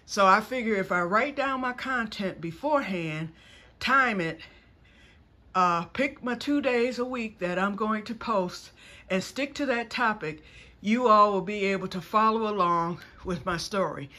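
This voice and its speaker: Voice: medium pitch, unhurried, pushed and bright. A vlogger in their fifties, chatting casually to camera outdoors in a wooded yard and jumping between topics. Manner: rambling, jumps between topics.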